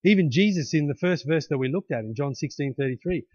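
A man's voice: fairly high pitch, lively intonation, fast, a little mellow, husky, dry recording. A pastor preaching a sermon in a conversational way, often tagging his points with "hey?" and restarting his sentences. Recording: dull lo-fi, dry.

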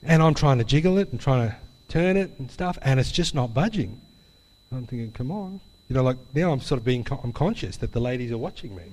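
A man's voice: mid-range voice, animated, quick pace, a little mellow. A man preaching a sermon. He tells a personal story in a chatty way, with "you know" and "hey?" tags, before he draws the lesson. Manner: chatty storytelling with tag questions. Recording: long hall reverb.

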